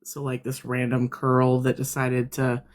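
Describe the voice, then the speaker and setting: A man's voice: mid-range voice, monotone, unhurried. Man, co-host on a live stream, easygoing and chatty, giggles now and then, stumbles and restarts. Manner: laughs often, trails off and restarts. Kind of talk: casual live-stream chat.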